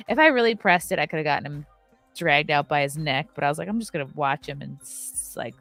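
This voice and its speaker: A woman on a podcast tells a heated story in a lower voice with big swings in pitch. Her sound is dry and close, with music playing faintly behind her. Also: quick pace, no echo. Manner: animated, profane, acts out quotes. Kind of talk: casual storytelling chat.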